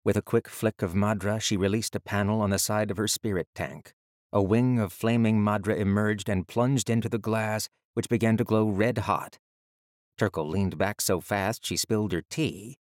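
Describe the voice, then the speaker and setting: Narrating an audiobook, a man keeps a steady, measured storytelling pace. His pitch is fairly low, and the studio recording is clean with no room sound.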